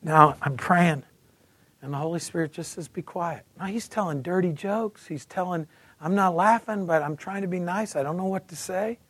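A man's voice: high voice, normal speed, breathy edge, no echo. A man in his fifties giving a sermon testimony, telling his story with energy and acting out the voices of others. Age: 50s. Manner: animated storytelling, acts out voices, repeats words.

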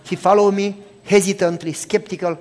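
A man preaching by telling a story, acting out each person's lines and dropping to a hush for tender moments. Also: sits high, moderate pace. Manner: animated storytelling, acting out both sides of the talk; drops to a hushed, soft voice for tender moments. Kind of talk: sermon storytelling.

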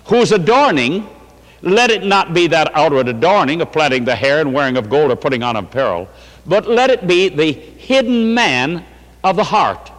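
A man's voice: a little high, expressive, moderate pace, fairly bright tone, in a large hall. A man preaching a sermon, telling stories and acting out the voices of the people in them, laughing now and then. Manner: storytelling with quoted voices and laughter.

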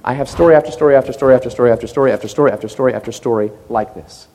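A man preaching a sermon, telling stories with animated rises and quiet asides, recorded in a church hall. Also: medium pitch, rapid-fire. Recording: long hall reverb.

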